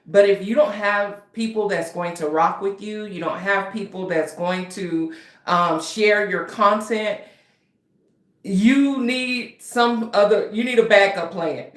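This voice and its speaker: A woman's voice: mid-range voice, roomy sound. Chatty, slightly nervous woman. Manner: chatty, addresses viewers as y'all, a bit nervous and scattered. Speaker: author and writing coach, channel host. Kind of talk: casual livestream talk to viewers.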